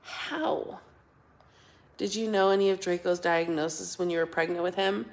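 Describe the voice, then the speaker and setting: A woman's voice: lowish voice, fairly even intonation, fairly quick. A middle-aged woman hosting a casual livestream, chatting and thanking viewers by name, often laughing. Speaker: livestream host reading viewer comments.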